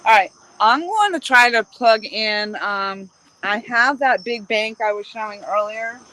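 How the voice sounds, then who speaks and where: A woman's voice: on the high side, measured pace, pushed and bright, poor audio. A woman hosting a fishing livestream from a riverbank, chatting casually and rambling cheerfully. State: out of breath. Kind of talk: casual live-stream chat. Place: outdoors on a riverbank at dusk, crickets behind.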